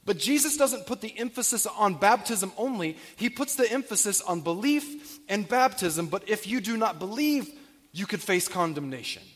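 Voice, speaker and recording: A man with a high, light voice preaches a sermon, working through scripture and asking his listeners questions. His voice rings with a long reverb from a large church hall. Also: animated, moderate pace. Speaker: pastor. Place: church sanctuary.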